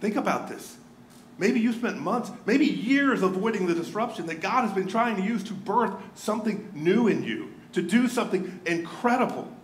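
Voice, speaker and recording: A man preaching a sermon as pastor, earnest, dropping to a hush and then rising to emphasis. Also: high voice, animated, normal speed, a little hiss or hum. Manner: earnest, swings from hushed to emphatic. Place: church sanctuary. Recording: roomy church hall.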